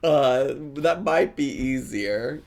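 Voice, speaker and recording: A man's voice: medium pitch, slow pace, creaky, a little hiss or hum. A man commenting on a video in a casual, joking way, often breaking into laughter. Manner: animated, joking, bursts of laughter. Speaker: reaction vlogger.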